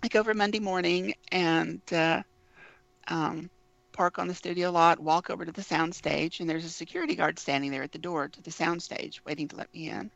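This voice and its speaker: A woman's voice: fairly low pitch, fairly even intonation, fairly quick, creaky, dry recording. A woman guest in a casual interview, telling an anecdote and acting out the quoted dialogue. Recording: dull lo-fi, dry sound.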